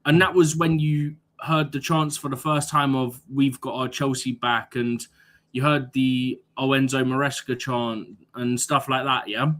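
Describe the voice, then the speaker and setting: A man's voice: medium pitch, flat delivery, measured pace, fairly bright tone. A young man co-hosting a football live stream in casual chat, arguing his points emphatically with rhetorical questions.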